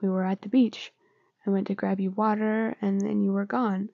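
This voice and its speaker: A woman's voice: mid-range voice, level tone, normal speed, gravelly, no room sound, dull audio. A woman reading as a tender teenage boyfriend.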